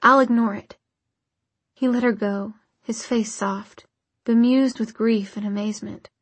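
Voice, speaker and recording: A woman narrating a novel in a measured, even storytelling manner. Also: medium pitch, breathy edge, no room sound. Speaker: audiobook narrator. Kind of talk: scripted narration.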